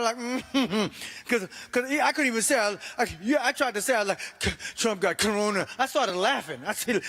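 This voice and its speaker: A middle-aged man doing an animated stand-up comedy set, exclaiming and acting out voices. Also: high-pitched, moderate pace, long reverb tail. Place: church comedy stage.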